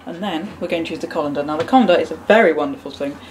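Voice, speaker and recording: Speaking in a low, rapid-fire voice, this cooking video host leads a relaxed demo from a home kitchen, keeping up a running chat full of jokes at her own expense. Pans clatter throughout, and the sounds of cutlery, pots and the kitchen itself fill the background.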